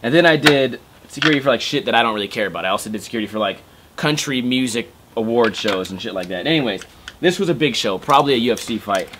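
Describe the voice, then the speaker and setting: A young man, chatting loosely from his room and cursing constantly as he wanders between tangents. His voice sits at an ordinary pitch, and a faint hiss with the odd click stays underneath it. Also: fast. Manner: swears constantly, rambling and animated. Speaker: skateboarding vlogger. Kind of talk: casual chat. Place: home room.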